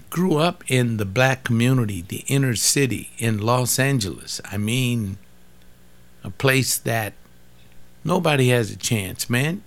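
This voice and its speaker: An older man giving an informal sermon, repeating phrases for emphasis and talking straight to his listeners. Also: medium pitch. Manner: repetitive, emphatic, conversational preaching. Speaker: pastor.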